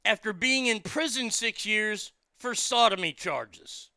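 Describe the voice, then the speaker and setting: Guy ranting on his own show, fairly high voice with gravel in it, sarcastic and swears a lot, keeps repeating himself. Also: slow pace, bright, forceful tone, dry recording, clean studio sound. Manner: profane, sarcastic, heated; repeats words when worked up. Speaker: commentary show host. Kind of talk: ranting political commentary.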